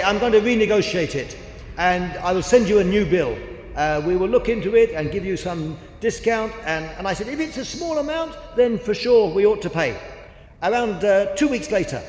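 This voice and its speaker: A man's voice: sits high, a little hiss or hum. A man, preaching and telling a story with lots of quoted dialogue. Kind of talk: sermon. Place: large church hall. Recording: echoey church hall with long reverb.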